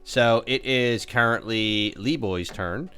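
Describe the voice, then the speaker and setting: A man's voice: medium pitch, slow pace, over music. A man running a tabletop game as game master, counting out distances and bantering with players.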